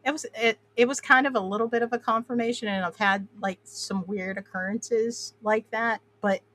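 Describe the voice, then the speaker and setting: A woman's voice: fairly high pitch, steady tone, normal speed, fairly bright tone, slight background noise. A woman from the Appalachian Mountains with an Appalachian twang, talking in a rambling way full of fillers. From Appalachian Mountains, USA. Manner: rambling, filler-heavy, laughs often. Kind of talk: casual chat.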